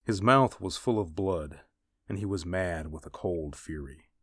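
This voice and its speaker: A man reading a dramatic adventure story aloud in a measured, deliberate way. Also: low-pitched, fairly bright tone, husky, no echo, studio quality. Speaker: narrator. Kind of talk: dramatic audiobook narration.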